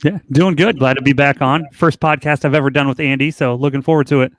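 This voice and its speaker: A man's voice: medium pitch, fairly even intonation, fast talker, dry recording, studio quality. Easygoing male podcast guest. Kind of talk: casual chat.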